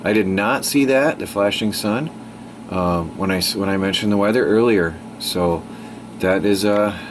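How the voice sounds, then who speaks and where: A man speaking at normal speed in a lowish voice narrates a casual vlog outside in the snow at his homestead, with background noise picked up by his handheld camera mic. He rambles easily and at times runs short of breath from the cold and lugging firewood.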